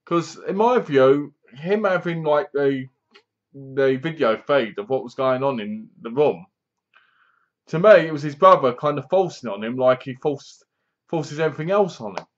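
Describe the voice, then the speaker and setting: A man rambles through a film's plot in a casual, chatty recap, his voice sitting at an ordinary middle pitch. He murmurs the characters' lines lower and quieter as he quotes them. The recording is dull and lo-fi. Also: expressive, moderate pace. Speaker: film reviewer.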